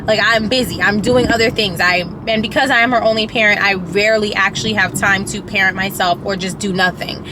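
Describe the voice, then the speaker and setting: A woman's voice: mid-range voice, steady tone, a little fast, hardly any pauses, background noise. A woman vlogger telling a storytime in casual chat, rambling with many fillers and restarts, candid and emotional, now and then profane.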